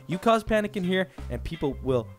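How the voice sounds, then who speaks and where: A man hosting and leading an improvised game role-play, talking in a chatty, bossy, excitable way with lots of restarts. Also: high-pitched, fairly quick, soft background music. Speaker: host and lead player.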